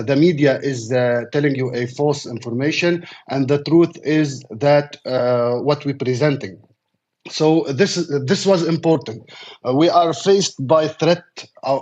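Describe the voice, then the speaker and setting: Lebanese correspondent on a remote line; fairly high-pitched, careful and halting in English, muffled call sound. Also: male voice, a little mellow. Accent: Lebanese, from Baalbek. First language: Arabic. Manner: halting, searching for words, many fillers. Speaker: war correspondent. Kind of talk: remote interview.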